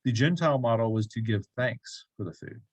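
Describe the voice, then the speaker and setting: This man's mid-range voice is husky and fairly quick, recorded without echo. He's leading a bible study group in a church classroom, teaching casually, posing questions to the group and cracking jokes along the way.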